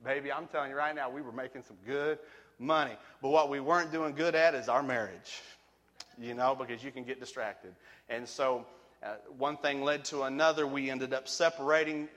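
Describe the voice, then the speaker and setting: A man preaching a personal testimony sermon, emphatic, swinging from quiet, low passages to loud shouted peaks. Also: fairly even intonation, normal speed. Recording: long reverb of a large hall.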